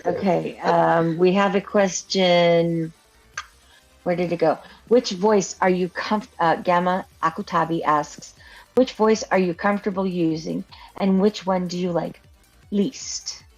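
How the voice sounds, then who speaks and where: A woman co-hosting a podcast, reading out questions with a hesitant, husky way of speaking. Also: lowish voice, fairly even intonation, measured pace, a little mellow, soft background music. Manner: hesitant, many fillers and restarts. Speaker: podcast co-host. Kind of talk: casual podcast chat. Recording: muffled lo-fi audio.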